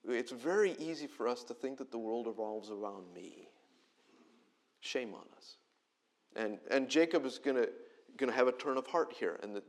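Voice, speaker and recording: A middle-aged man preaching a sermon in a church auditorium, conversational and animated, with self-deprecating asides. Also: mid-range voice. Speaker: pastor.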